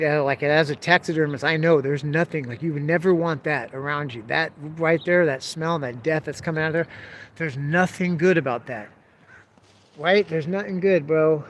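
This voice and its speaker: A man in a fairly high register spins a casual story, cussing freely and tossing in dude and bro. His delivery is laid-back and loose. A faint hiss of noise sits under the voice. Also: fairly bright tone. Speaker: taxidermist telling a story.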